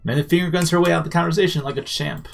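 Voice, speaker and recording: A man streaming live, reading a visual novel's narration aloud in an animated way. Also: a little high, rapid-fire, creaky.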